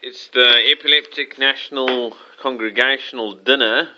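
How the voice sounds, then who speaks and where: A man in an improvised comedy skit, feeding dry deadpan lines, recorded on a home video camera. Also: medium pitch, moderate pace, highs cut off, a little hiss or hum.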